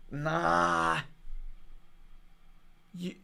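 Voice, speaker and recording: A man with a fairly high, smooth voice calls a football match live for his online chat. He is an excitable fan who mutters through quiet spells, then erupts in outrage at refereeing calls. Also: measured pace, pauses often. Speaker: watch-along match commentator. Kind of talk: live fan watch-along commentary.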